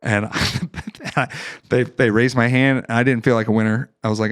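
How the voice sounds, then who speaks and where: A man from northern Ohio, a Marine veteran guest on a podcast, telling a wild story in a casual, profane, animated way with laughs. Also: medium pitch, normal speed, clean tone. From northern Ohio, United States.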